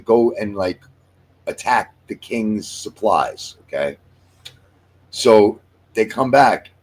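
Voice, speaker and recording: Husky man in his sixties chatting. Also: fairly low pitch, expressive, takes it slowly, darkish tone. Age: 60s. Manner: rambling storyteller, jokey, swears casually. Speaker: podcast host. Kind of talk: casual chat.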